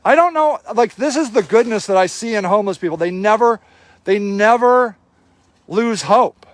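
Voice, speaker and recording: A man's voice: high-pitched, lively intonation, moderate pace, dry recording. A man filming a livestream outdoors, giving indignant, sarcastic running commentary and swearing freely. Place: outdoor homeless camp in snowy cold.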